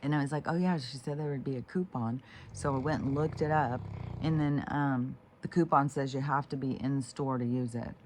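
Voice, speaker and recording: A woman's voice: extremely low pitch, moderate pace, noisy background. A woman talking to camera in a meandering, frank monologue, swearing freely and often restarting her sentences. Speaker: vlogger. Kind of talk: rambling casual monologue.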